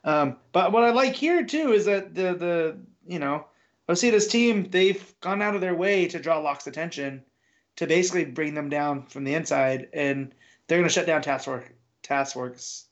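A man co-hosting a casual comic podcast who talks haltingly, with many fillers and restarts. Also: on the high side, animated. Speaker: podcast co-host. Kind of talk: casual comic book discussion. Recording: dull lo-fi sound.

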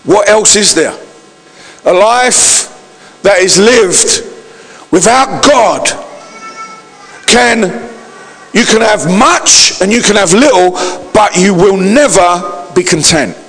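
A man's voice: high-pitched, expressive, slow pace, pauses often, a bit bright. A man preaching a sermon as pastor, calling out to the congregation for responses. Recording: long hall reverb.

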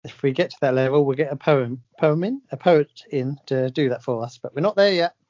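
A man's voice: medium pitch, fairly quick, a little mellow. A man co-hosting a casual podcast, teasing and cheeky with dry banter. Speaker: podcast co-host. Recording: dull lo-fi recording.

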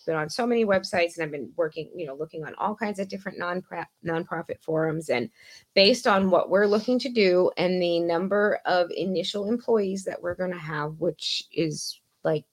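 A woman's voice: on the low side, normal speed. A woman guest on a podcast, chatting casually and rambling, swearing freely and laughing often. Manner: rambling, profane, frequent laughs. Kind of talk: casual chat.

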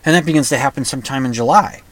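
A middle-aged man from the upper Midwest, hosting his own show in a rambling, halting monologue full of restarts. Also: medium pitch. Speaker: podcast host. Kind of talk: casual monologue.

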